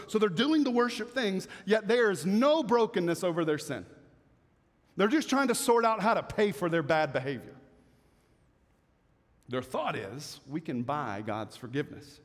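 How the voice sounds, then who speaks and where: A man preaching a sermon as pastor, animated, swinging between loud emphasis and soft asides. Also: high-pitched, big-room sound.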